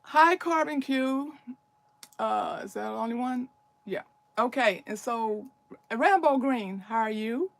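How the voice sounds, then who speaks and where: An older woman hosts a casual livestream and speaks in an urgent, preachy tone. She talks slowly and leans hard on her words, in a slightly high voice. The sound is dry and close, with no room echo. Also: expressive, creaky. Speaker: livestream host.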